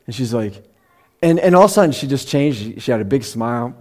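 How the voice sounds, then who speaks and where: A middle-aged man preaching in a conversational sermon, who slows down to read scripture and at times gets emotional. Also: medium pitch, lively intonation, darkish tone. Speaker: pastor.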